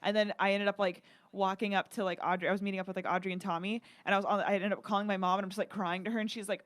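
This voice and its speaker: A woman's voice: mid-range voice, little pitch movement, racing, hardly any pauses. A young woman co-hosting a comedy podcast, telling a story animatedly in casual chat and swearing a lot. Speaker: podcast co-host.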